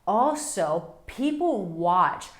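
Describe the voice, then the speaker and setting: A woman with a middle-range voice coaches men on dating, speaking directly to camera. She is animated, slips into little acted-out quotes and draws words out for emphasis. The room around her is echoey. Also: medium pitch, drawn-out words. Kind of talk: advice monologue to camera. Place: Monaco.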